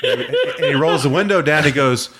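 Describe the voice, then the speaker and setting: A man co-hosting a podcast, telling a story in casual chat, animated, swearing and laughing often. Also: a little high, brisk, a little hiss or hum. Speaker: podcast co-host.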